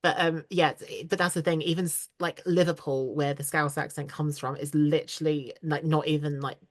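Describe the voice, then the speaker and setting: Low-voiced English woman with an RP accent. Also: steady tone, a little fast. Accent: southern English, received pronunciation. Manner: chatty, many fillers and laughs. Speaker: voice actor guest. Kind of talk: casual interview chat. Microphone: video call.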